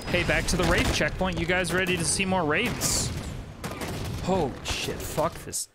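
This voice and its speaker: A man's voice: sits high, steady tone, measured pace, heavy background noise. A young man streaming a video game, chatting with viewers and swearing freely as he plays. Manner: swears freely, chats to viewers while playing. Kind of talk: casual gameplay commentary with chat. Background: game music and sound effects.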